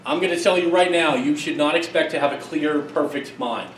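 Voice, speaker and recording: A middle-aged man giving a conference keynote, telling stories in an emphatic, lively way with quick asides. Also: fairly high pitch, a little hiss or hum. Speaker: keynote speaker, psychologist. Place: conference hall. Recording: echoey hall, distant mic, faint ambience.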